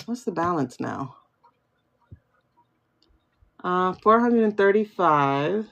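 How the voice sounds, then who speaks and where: A woman's voice: lowish voice, lively intonation, slow pace, vocal fry, fairly bright tone, dull audio. A woman hosting a livestream tarot reading, musing aloud and chatting with viewers by name. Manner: muses aloud, asks herself questions and answers them. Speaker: tarot and pendulum reader, livestream host. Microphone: phone livestream.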